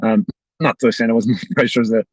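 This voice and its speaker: A man's voice: medium pitch, fairly even intonation, a little mellow, slightly rough, no room sound, rough recording. A man in his forties with an Irish accent, a former footballer chatting as a guest in a casual, rambling way with many restarts. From Ireland. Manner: quick, rambling, restarts often. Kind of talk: casual chat.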